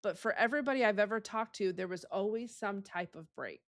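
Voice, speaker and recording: A woman's voice: medium pitch, a little fast, no echo, studio quality. A woman hosting a podcast, talking in an earnest, emphatic way and repeating words for stress. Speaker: podcast host. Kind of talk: casual conversation.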